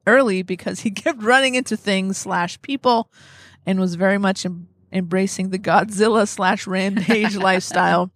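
A woman co-hosts a chatty podcast, reading listener mail with a playful, laughing delivery. Her voice sits at a middling pitch and is recorded dry and close, with little room sound. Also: normal speed, fairly bright tone, no echo. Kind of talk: casual chat.

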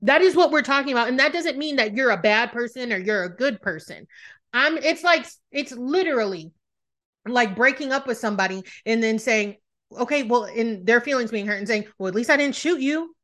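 A blunt woman talking reality TV, her voice sitting high and moving a lot as she presses each point. She swears freely and speaks emphatically. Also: expressive, brisk, a bit bright. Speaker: podcast co-host. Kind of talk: casual reality TV commentary.

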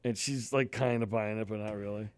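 A man's voice: on the low side, steady tone, brisk, smooth, no room sound. A man in his thirties co-hosting a podcast, telling stories in a casual, profane, chatty way. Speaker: podcast co-host. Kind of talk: casual chat.

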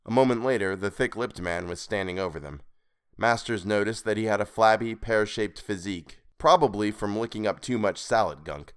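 A man narrating a weird tale in a measured, expressive reading. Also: fairly low pitch, clean tone. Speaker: podcast reader. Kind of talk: scripted story narration.

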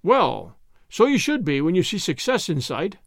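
A man voicing an excited, talkative British gentleman who proposes toasts in a hearty, rambling way. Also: high voice, normal speed, vocal fry, no room sound, studio quality, exaggerated voice.

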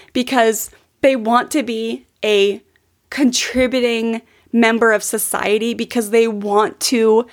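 A woman in her thirties hosting a podcast, telling personal stories in an earnest, heartfelt way with many fillers. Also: on the high side. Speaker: podcast host. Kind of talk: personal storytelling monologue.

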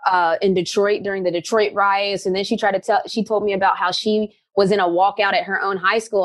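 A woman's voice: medium pitch, no echo. Upbeat chatty woman in her thirties. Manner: chatty, upbeat, animated storytelling. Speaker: pro basketball player guest. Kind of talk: casual interview answers.

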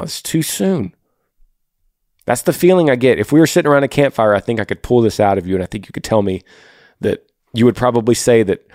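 A man's voice: medium pitch, a little mellow, no room sound. Earnest man giving podcast advice, dry sound. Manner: earnest, repeats phrases, talks straight to listener. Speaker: podcast host.

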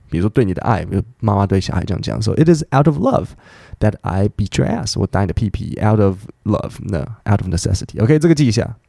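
A man hosting an English-learning podcast, explaining phrases in lively detail and acting out quoted lines. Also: on the low side, vocal fry, dry recording, studio quality. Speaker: podcast host teaching English.

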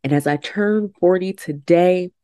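A woman's voice: lowish voice, a little slow, warm tone, no echo, clean studio sound. A woman in her forties hosting a podcast, talking in a heartfelt, emphatic way and repeating affirmations. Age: 40s. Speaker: podcast host. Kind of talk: personal reflective podcast talk.

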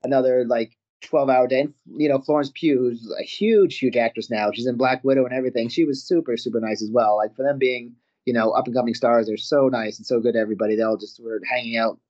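A man from Canada, a guest telling stories in a casual interview, animated, laughing often and acting out what others said. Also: medium pitch, quick pace, hardly any pauses, muffled recording. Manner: animated anecdotes, laughs often, acts out quotes. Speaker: guest, professional wrestler and actor. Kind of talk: casual storytelling.

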